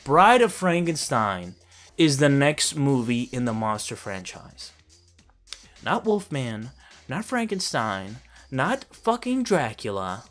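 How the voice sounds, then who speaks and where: Guy ranting about a bad movie, swears a lot, sarcastic, mid-pitched voice, faint music behind. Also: sing-song, takes it slowly. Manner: profane, sarcastic, laughing at the film. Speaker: movie reviewer. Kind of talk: casual ranting movie review.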